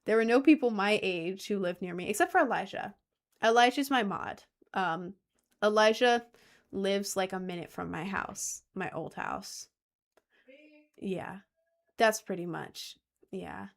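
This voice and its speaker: A woman's voice: mid-range voice, unhurried, gravelly. A young woman streamer chatting casually in a rambling way, with lots of fillers. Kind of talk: casual chat.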